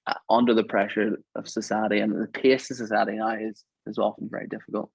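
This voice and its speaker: Lowish husky guy, dry close sound, chatting earnestly on a podcast. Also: level tone, fast, dry recording, rough recording. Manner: reflective, earnest storytelling. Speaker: podcast guest. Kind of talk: casual chat.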